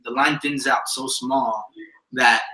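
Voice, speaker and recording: Man co-host, quick bright delivery, slangy and keen, roomy echo. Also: mid-range voice, steady tone. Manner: eager, quick agreement, casual slang. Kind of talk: casual couple chat. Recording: echoey room.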